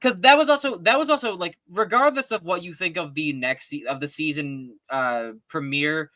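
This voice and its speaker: An excitable man talks through a casual fan podcast, rambling and often restarting his sentences. His voice sits a little high and sounds bright and tense. The sound is dry and close. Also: normal speed, dry recording. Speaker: podcast co-host.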